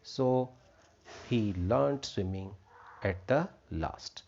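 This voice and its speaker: A man's voice: fairly low pitch, animated, very slow, vocal fry, darkish tone, slight background noise. A man teaching an English textbook lesson, repeating himself and defining words with many fillers. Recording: dull lo-fi recording.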